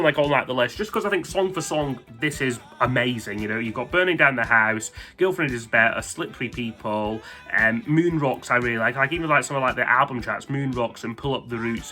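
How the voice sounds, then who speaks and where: A music vlogger counts down his favourite albums in a casual spoken ranking, his mid-range voice bright and forceful. He rambles enthusiastically, peppering his talk with plenty of "like" and "um."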